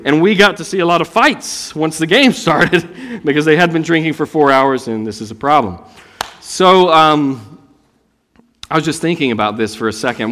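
A man from North Carolina preaching a sermon as a pastor, telling stories with swings from loud emphasis to soft asides. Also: medium pitch, long reverb tail. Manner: animated storytelling, rising loud for emphasis and dropping soft. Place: church sanctuary.

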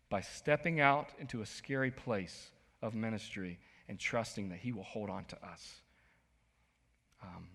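Guy pastor preaching, bright edgy voice, goes quiet then suddenly loud, big reverby church sound. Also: mid-range voice. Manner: animated preacher, sudden loud bursts and soft asides. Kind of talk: sermon. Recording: long hall reverb.

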